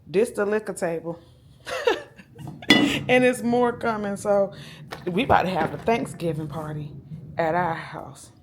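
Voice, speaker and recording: A woman's voice: fairly low pitch, moderate pace, very noisy. Laid-back woman vlogging. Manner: chatty, laid-back, addresses viewers as y'all. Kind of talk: casual vlog chat to camera. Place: at home, indoors. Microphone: handheld camera.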